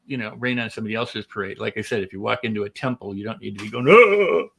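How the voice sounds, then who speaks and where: A man's voice: racing, creaky, husky. A middle-aged man, a guest author and speaker, talking animatedly in a casual podcast and acting out quoted voices. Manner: animated, acts out quoted voices with big pitch swings.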